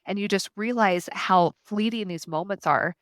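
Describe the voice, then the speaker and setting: A woman's voice: medium pitch, moderate pace, no echo, clean studio sound. A woman in her thirties, a podcast guest, talking earnestly and reflectively in long flowing runs. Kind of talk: casual conversation.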